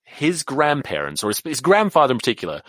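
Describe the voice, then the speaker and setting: An Englishman in his thirties hosts a podcast, casually ranting about rugby in a lively, sweary style that keeps drifting into tangents. He talks fast at a medium pitch, and the studio recording is clean with no echo.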